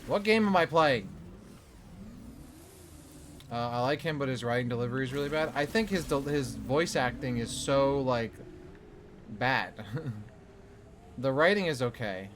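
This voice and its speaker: A man's voice: mid-range voice, normal speed, a little hiss or hum. A man streaming a video game, chatting, laughing and critiquing it casually. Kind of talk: casual let's play commentary.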